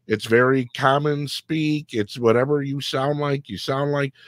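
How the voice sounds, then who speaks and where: A man in his fifties from Chicago, hosting a casual chat as an animated, jokey storyteller. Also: mid-range voice, a little slow, no room sound. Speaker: host.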